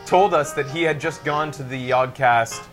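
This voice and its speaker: A man's voice: medium pitch, moderate pace, fairly bright tone. A man hosting a live show, chatting casually and rambling with lots of fillers. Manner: rambling, filler-heavy storytelling. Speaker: host. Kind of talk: casual live-stream chat. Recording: music playing under voice. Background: jazz music playing.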